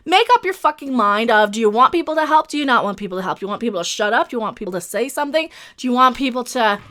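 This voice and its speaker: A woman delivers a fiery commentary rant in a high, bright voice. She hammers her points through repetition and swears freely. Her tone is emphatic and exasperated throughout. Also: lively intonation, rapid-fire. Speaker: commentary channel host. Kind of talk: ranting video commentary.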